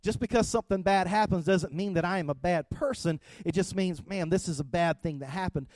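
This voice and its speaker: A middle-aged pastor with a fairly high voice preaches in a chatty, storytelling way, often checking in with his listeners. The sound is close and dry, with no room echo. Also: brisk. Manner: conversational, storytelling, rising to loud animated retelling. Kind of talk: sermon.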